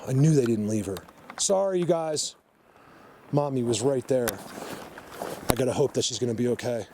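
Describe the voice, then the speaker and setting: A man talks to his viewers from the woods, his voice soothing one moment and anxious the next. He sounds emotional and earnest. Steady outdoor noise sits clearly behind him. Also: medium pitch, normal speed. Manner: emotional, soothing and fretful, addresses viewers directly. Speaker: vlogger. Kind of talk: on-the-spot nature vlog.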